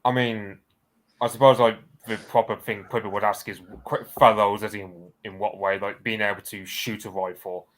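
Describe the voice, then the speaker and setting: A man's voice: lowish voice, flat delivery, normal speed, fairly bright tone. A man in a casual chat who thinks aloud, hesitant and full of fillers.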